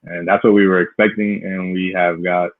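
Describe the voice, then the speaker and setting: A man with a fairly low voice chats casually about football, pausing on ums and uhs. His sound is tinny and phone-like, and it is dry and close. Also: little pitch movement, dry recording. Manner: easygoing, hesitant with fillers. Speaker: podcast co-host. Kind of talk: casual sports chat.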